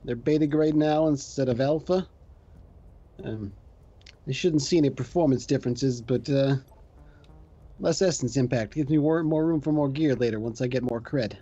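A man chatting casually while gaming with friends, making dry, deadpan remarks. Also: mid-range voice, normal speed, dull audio. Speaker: gamer on a playthrough show.

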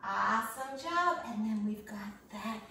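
A woman teaching a children's yoga lesson, gently encouraging young kids through breathing and animal poses. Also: medium pitch, expressive, a little hiss or hum. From United States. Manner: gentle, encouraging, slow and patient. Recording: very echoey room, voice from far off.

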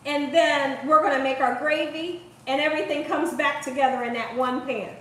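In her home kitchen, a Columbus, Ohio woman cooks while chatting and laughing with her viewers. She speaks at a moderate pace in a high, fairly bright voice with fairly even intonation, sounding distant from the mic in an echoey room.

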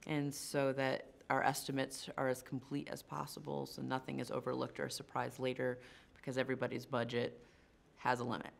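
A woman's voice: extremely low pitch, creaky. A woman from the North Shore of Massachusetts, a CGI producer, chatting casually and self-deprecatingly through a Q&A and laughing often. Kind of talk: casual on-camera Q&A.

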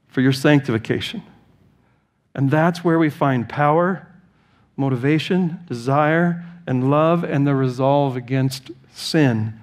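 Male preacher, higher than usual voice, emphatic sermon delivery with storytelling. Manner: impassioned preaching, rising to high emphatic lines; tells stories and acts out quoted voices. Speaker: pastor.

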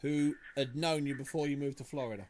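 A man hosting a live radio boxing show from the studio, talking in an excitable, stumbling way with quick repeats. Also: medium pitch. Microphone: studio mic.

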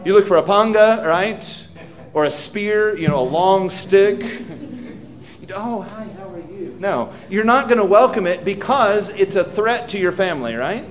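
A man's voice: high voice, expressive, unhurried. Man preaching a dramatic sermon. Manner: dramatic, voices prayers aloud with rising intensity; asks the congregation questions directly. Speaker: pastor. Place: church hall.

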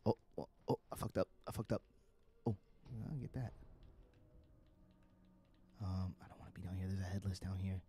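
Chatty streamer, low voice, swears freely while playing. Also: male voice, fairly even intonation, normal speed, long pauses, dark tone, breathy edge. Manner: profane, chatty, talks to himself and the game. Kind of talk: live gameplay commentary.

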